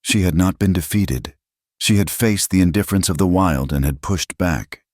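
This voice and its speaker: A man narrating a scripted western tale in a measured, dramatic reading style. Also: low voice, darkish tone, dry recording, studio quality.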